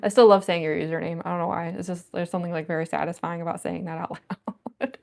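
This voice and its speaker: A giggly woman chats through a relaxed livestream, answering viewer comments as they come in. Her voice sits fairly low and carries a gravelly fry at the ends of her phrases. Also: fast talker. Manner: chatty, giggly, reads chat comments aloud. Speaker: cosplayer livestreamer. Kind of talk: casual livestream chat.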